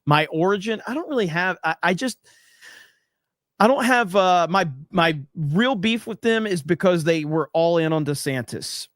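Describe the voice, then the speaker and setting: A man's voice: high voice, animated, normal speed, hardly any pauses, fairly bright tone, no echo, clean studio sound. A man hosting a livestream, reading viewer messages aloud in casual, wisecracking chat with loose swearing. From USA. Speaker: livestream host reading super chats.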